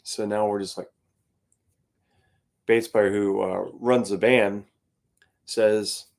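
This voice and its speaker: A man's voice: on the low side, little pitch movement, slow pace, vocal fry, a little mellow. Rambling, easygoing male guitarist host. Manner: rambling storyteller with many fillers and laughs. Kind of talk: casual chat to a live stream audience.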